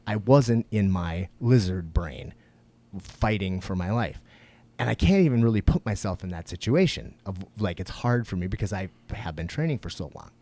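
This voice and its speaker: A man's voice: sits low, animated, moderate pace, dark tone. A man co-hosting a podcast, talking in a rambling, profane way with many fillers and restarts. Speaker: podcast co-host. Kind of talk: casual chat.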